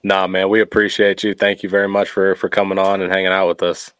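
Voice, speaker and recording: A man co-hosting a podcast, talking in an easygoing, mellow way. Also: deep voice, monotone, fast, clear, resonant tone, no echo. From United States. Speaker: podcast co-host. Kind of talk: casual chat.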